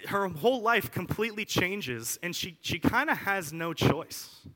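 A young man gives a relaxed, chatty sermon, full of asides and filler words. His voice sits a bit high and rings bright and forceful. The sound trails off in the long reverb of a big hall. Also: unhurried. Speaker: preacher. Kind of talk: casual conversational sermon.

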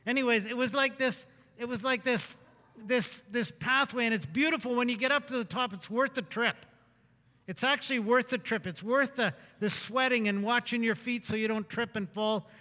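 A man's voice: extremely high pitch, normal speed, sharp tone. A man telling folksy, rambling stories with self-mockery in a sermon talk to a congregation. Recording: long hall reverb.

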